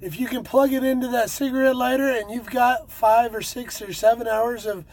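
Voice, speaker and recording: A man's voice: very high-pitched, fairly even intonation, normal speed, darkish tone, low-quality recording. A man who drives trucks, chatting casually and rambling with many fillers and restarts. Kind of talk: casual chat.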